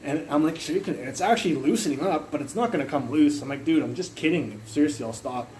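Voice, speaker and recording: A man's voice: on the high side, fast talker, a little hiss or hum, low-quality recording. A young man telling a rambling, profane story in a casual livestream from his phone. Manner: rambling, profane, animated retelling.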